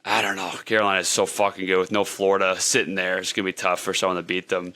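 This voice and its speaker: A man with a bright, forceful voice chatting casually on a podcast. He rambles from one story to the next, excitable and quick to laugh. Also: sits low. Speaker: podcast co-host. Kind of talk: casual chat.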